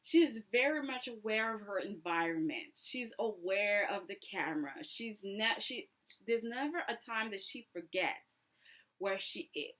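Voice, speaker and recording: A woman chatting casually through a reality TV recap, animated and sassy, acting out what people said. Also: medium pitch, a little slow. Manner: chatty and animated, acts out quotes with sassy asides.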